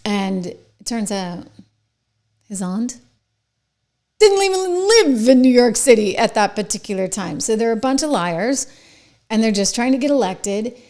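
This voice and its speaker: A woman's voice: fairly high pitch, animated, unhurried, long pauses, mellow. A middle-aged woman hosting a political commentary monologue, sarcastic and mocking.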